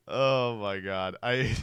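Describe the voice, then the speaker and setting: A man's voice: fairly low pitch, a bit bright, clear, resonant tone, no echo, clean studio sound. A man streaming casual commentary, reacting to online posts with sarcastic remarks, frequent laughter and text read aloud.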